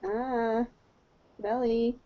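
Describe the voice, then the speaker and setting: Woman, slightly high voice, slow unhurried talk, giggly teasing, dull lo-fi mic. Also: little pitch movement. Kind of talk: casual chat. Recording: dull lo-fi stream audio.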